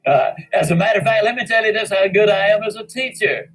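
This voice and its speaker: A man giving a folksy storytelling speech as a motivational speaker, with dramatic pauses and boastful humor. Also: high voice, fairly bright tone, rough recording.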